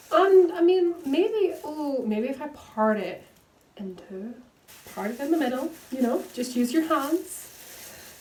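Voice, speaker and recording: A woman's voice: high-pitched, a little mellow, slight background noise. A young woman in her twenties chatting casually and rambling with lots of fillers while she dyes her hair at home. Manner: rambling, chatty, full of fillers, laughs at herself. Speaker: book vlogger. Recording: roomy echo, slightly distant.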